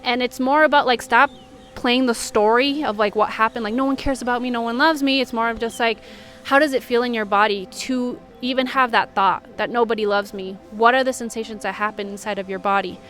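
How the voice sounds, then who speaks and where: A woman's voice: fairly high pitch, fairly even intonation, fairly quick, fairly bright tone. A woman who works as a healing coach talks in a candid, earnest vlog monologue, with frequent "like" fillers.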